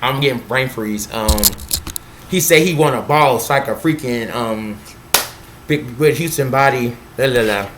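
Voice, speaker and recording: A young man rambling in a casual vlog monologue, excitable and profane, jumping between thoughts and acting out quotes. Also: measured pace, background noise. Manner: scattered, excitable, profane, acts out quotes in a high voice. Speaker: vlogger.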